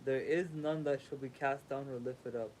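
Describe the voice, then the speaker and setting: A man's voice: medium pitch, fairly even intonation, normal speed, darkish tone, a little hiss or hum, rough recording. A sleepy man reading a sacred text aloud as a livestream host, stumbling over words, rereading them and making casual asides.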